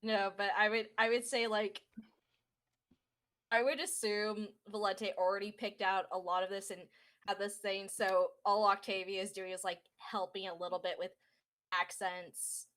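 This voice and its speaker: A woman's voice: medium pitch, flat delivery, normal speed, a bit bright. A woman playing in a tabletop game, enthusiastic as she chats. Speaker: player.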